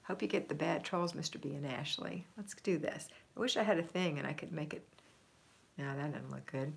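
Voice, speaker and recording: With a low-pitched, gravelly voice and a slightly fast pace, a middle-aged woman hosts a home organizing livestream. She reads out viewer comments cheerfully, laughs along, and lets sentences drift off into ums.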